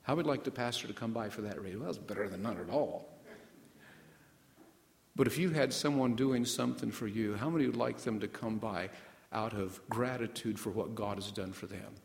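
A male pastor preaching a sermon, stopping often to put questions to the congregation and slowing down to stress key words. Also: fairly low pitch, gravelly. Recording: echoey hall, voice from off mic.

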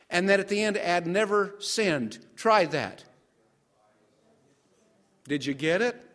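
Older male pastor, higher-pitched voice, sermon delivery, quizzes his listeners as he goes. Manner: asks the congregation questions and waits for answers.

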